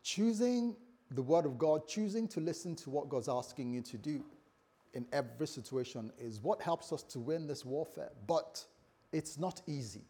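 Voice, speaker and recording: Husky-voiced male pastor preaching. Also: moderate pace. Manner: animated preaching, jumps from quiet low lines to loud high bursts; acts out his own inner voice in quoted asides. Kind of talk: sermon. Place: church service before a congregation.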